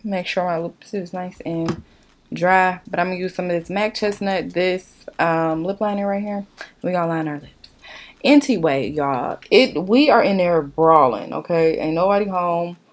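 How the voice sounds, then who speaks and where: Profane, animated woman vlogger telling a story. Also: lowish voice, moderate pace. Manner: animated, profane, talks straight to viewers. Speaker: beauty vlogger. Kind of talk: casual storytime chat during a makeup tutorial.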